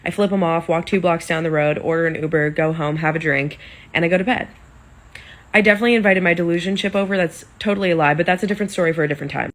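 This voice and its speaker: A woman's voice: on the low side, quick pace. A young adult woman telling a personal dating story in a chatty, blunt way, swearing freely. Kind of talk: casual storytelling.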